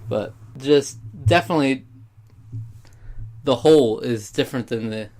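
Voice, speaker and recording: A man's voice: medium pitch, measured pace, a little mellow, a little hiss or hum. Rambling young man vlogging. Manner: rambling, sidetracked, heartfelt. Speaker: YouTuber. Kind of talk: casual vlog monologue.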